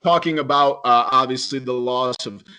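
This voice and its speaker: Bright, hyped-up male podcast host. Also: medium pitch, moderate pace, clean tone. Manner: hype-man guest introductions. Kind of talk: casual podcast chat.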